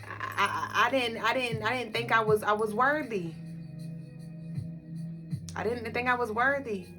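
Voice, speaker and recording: A woman's voice: on the high side, measured pace. Emphatic woman on a spiritual livestream, music behind. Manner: repetitive, emphatic, speaking straight to viewers. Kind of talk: casual spiritual livestream talk.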